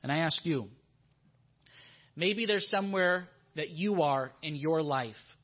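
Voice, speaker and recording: A man's voice: a little high, slow pace. Earnest preacher man, dull lo-fi audio. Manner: earnest, repeats questions for emphasis. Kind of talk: sermon. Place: church.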